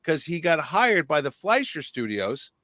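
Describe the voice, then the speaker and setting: A middle-aged man hosting a casual chat show, animated, breaking into impressions and swearing. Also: on the high side, measured pace, no room sound. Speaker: podcast host.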